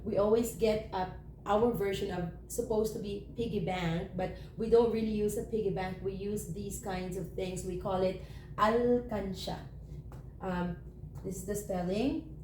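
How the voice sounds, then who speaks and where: Filipino-accented woman teaching, mellow and roomy. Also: medium pitch, fairly even intonation. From Philippines. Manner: slows down to spell out example phrases. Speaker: language teacher. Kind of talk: language lesson. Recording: roomy echo, faint room noise.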